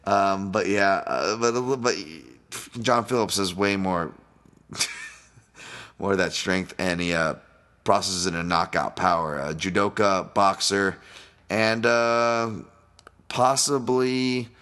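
A man's voice: low-pitched, steady tone, takes it slowly, a bit bright. A man hosting a solo podcast, talking through upcoming fights in a loose, rambling way, swearing often and laughing at his own asides. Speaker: podcast host and fight analyst. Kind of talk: casual solo podcast breakdown.

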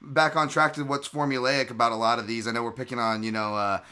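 A man's voice: mid-range voice, flat delivery, fast talker, sharp tone, clear, resonant tone. A man hosting a podcast, chatting casually and rambling with lots of restarts. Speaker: podcast host. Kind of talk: casual chat.

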